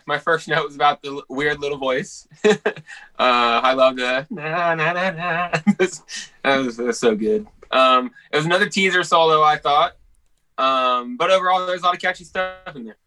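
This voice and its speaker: A man's voice: mid-range voice, moderate pace, bright, forceful tone. A man giving a short light-hearted take in a casual podcast chat. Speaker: podcast co-host.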